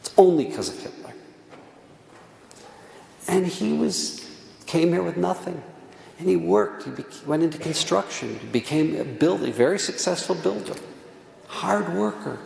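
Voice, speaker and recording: The speaker is a middle-aged man, a rabbi, preaching on Tisha B'Av with a fairly high, creaky, darkish voice. He narrates earnestly, repeats words for emphasis and drops almost to a whisper, in an echoey synagogue hall with faint room noise.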